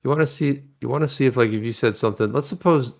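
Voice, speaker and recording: A man co-hosting a casual livestream chat, animated, telling stories and reading tweets aloud. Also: medium pitch, fast, vocal fry. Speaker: co-host of a crypto news livestream.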